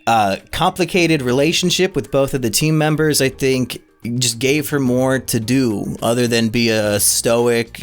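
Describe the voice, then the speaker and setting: A man's voice: mid-range voice, a little slow, few pauses, faint music behind. A man co-hosting a casual movie podcast, blunt and crude, talking with strong opinions. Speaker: podcast co-host.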